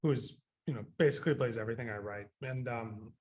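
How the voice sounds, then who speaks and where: A man with a mid-range voice and quick pace, a composer, rambles through a radio interview with lots of fillers and restarts, becoming animated as he quotes himself.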